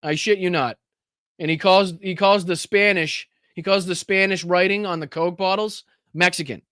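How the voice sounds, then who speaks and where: A man's voice: sits high, fairly even intonation, moderate pace, a bit bright, clear, resonant tone, no room sound, studio quality. A man hosting a political commentary livestream, talking casually and profanely, often restarting his phrases as he rambles. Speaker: political commentary show host.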